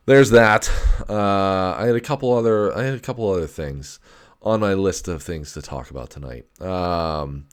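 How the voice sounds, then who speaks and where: A man's voice: deep voice, clear, resonant tone. A young adult man ranting casually as a podcast host, rambling and profane, with many fillers and restarts. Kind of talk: casual solo rant.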